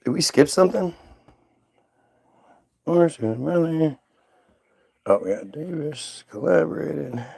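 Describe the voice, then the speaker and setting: A man's voice: on the high side, lively intonation, slow pace, gravelly, pauses often, a little mellow, husky, no room sound. A man giving heated, profane commentary, stumbling and repeating words as he reads aloud and reacts. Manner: ranting, profane, repeats words when worked up.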